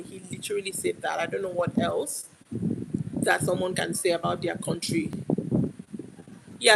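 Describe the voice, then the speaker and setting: A young Nigerian woman with a Nigerian accent rants heatedly on a live stream, arguing emphatically and hammering her points home. Her voice is lowish and creaky, with noise in the background.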